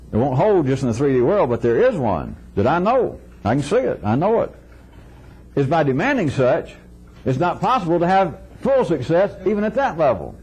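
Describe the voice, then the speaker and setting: Guy lecturing a crowd, pretty high voice that swoops all over, wry, chuckles a lot, acts out bits of dialogue. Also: a little mellow, slightly rough, rough recording. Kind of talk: informal philosophical lecture to a live audience.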